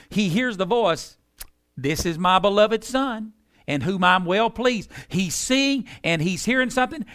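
A man preaching a sermon in a high, bright voice that swings widely up and down. He talks in an emphatic, folksy way and slows down to lean hard on key words.

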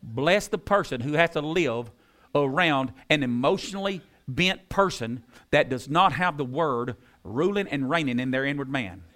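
A man preaching a sermon, repeating key phrases with emphasis and dropping into soft tones. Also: a little high, lively intonation, moderate pace. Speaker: pastor.

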